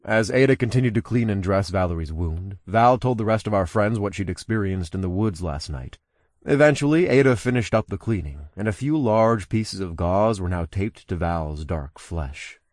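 Male audiobook narrator, very low voice, dry studio sound. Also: expressive, moderate pace, darkish tone, no room sound. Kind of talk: first-person audiobook narration.

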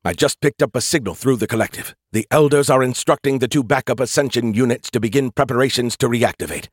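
A man's voice: medium pitch, fast, no echo, studio quality, voice pushed up, close to an everyday voice. A man voicing an arrogant, snarky male AI hologram in an audiobook, talking in urgent, clipped, formal sentences.

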